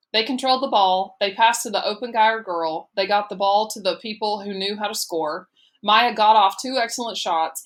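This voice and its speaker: A woman's voice: medium pitch, a bit bright. Woman narrating an audiobook steadily.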